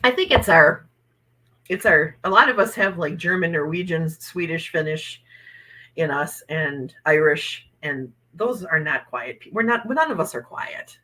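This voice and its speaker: A woman's voice: low voice, expressive, unhurried, bright, forceful tone, rough recording. A woman, hosting a casual livestream from home and laughing often. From Wisconsin. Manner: chatty, laughs often, upbeat. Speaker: livestream host, oracle card reader.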